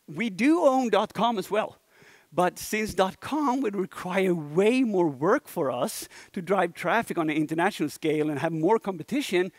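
A young Swedish man with a Swedish accent giving a casual, animated conference talk and swearing now and then. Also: fairly high pitch, dry recording. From Sweden. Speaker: conference speaker. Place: conference hall stage.

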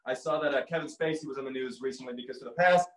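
A man's voice: mid-range voice, racing, reverberant, low-quality recording. A young man doing a stand-up impressions set from home, with a radio-announcer voice and dry jokes. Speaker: comedian. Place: at home, filmed by his mother.

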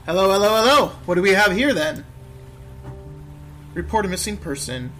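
A man voicing a lazy, corrupt London policeman who talks in loud, scornful slang. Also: high voice, lively intonation, normal speed, soft background music, voice pushed up. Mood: brash.

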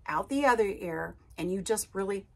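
A woman's voice: medium pitch, lively intonation, moderate pace, gravelly, husky. A woman hosting an advice podcast as a recovery coach, talking casually and emphatically and often checking in with "okay?" and "right?". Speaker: podcast host and narcissistic abuse recovery coach. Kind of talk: casual advice talk to listeners.

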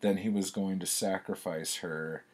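A man with a very low, husky voice reads aloud from his old childhood poems and mocks them as he goes. He talks slowly and casually, in a wry, self-deprecating tone. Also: steady tone, a little mellow. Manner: wry, self-mocking, laughs at his own writing. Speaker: author reading his childhood writing. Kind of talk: casual reading and commentary.

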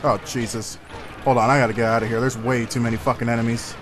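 A man's voice: medium pitch, level tone, fast talker, noisy background. A man commenting casually on the game he is playing and swearing freely as he goes. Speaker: let's play gamer.

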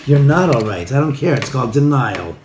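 A man's voice: medium pitch, animated, a little fast, a little mellow, slight background noise. Teasing, profane man in a roomy space. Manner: mock-scolding, teasing and profane. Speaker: friend on vlog. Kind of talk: casual joking banter. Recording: roomy, music behind.

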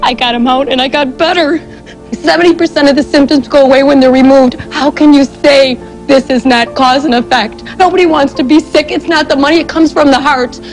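A woman making an impassioned appeal in short, pleading, forceful statements. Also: high voice, fairly even intonation, a little fast, soft background music, poor audio.

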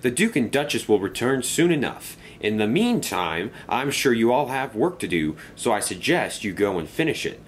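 A man voicing a stout, firm male railway controller who speaks calmly and with authority. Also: mid-range voice, normal speed, few pauses, a little hiss or hum, pitched above the performer's own voice, close to an everyday voice. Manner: calm and commanding.

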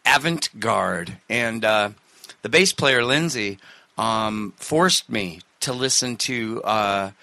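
Male host from the West Coast, animated rambling storyteller, dry close mic. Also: fairly low pitch, takes it slowly, dry recording. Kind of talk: casual podcast storytelling.

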